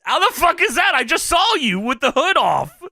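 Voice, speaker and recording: A man co-hosting a podcast, talking fast and loose, swearing freely and breaking into laughter. His voice sits high and bright, and his pitch jumps all over. The sound is dry and close to the mic. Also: gravelly, no echo. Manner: profane, laughs often, animated retelling. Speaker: podcast co-host. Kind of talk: casual wrestling recap chat.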